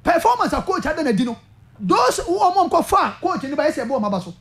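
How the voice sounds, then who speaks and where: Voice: high voice, big pitch swings, quick pace. A football pundit with a Ghanaian accent argues passionately in a sports talk discussion, repeating points and addressing the host by name.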